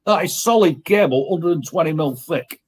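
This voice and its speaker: A man's voice: on the high side, animated, normal speed, darkish tone, slightly rough. A man telling blunt workplace stories with heavy swearing as a guest in casual talk. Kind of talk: casual storytelling.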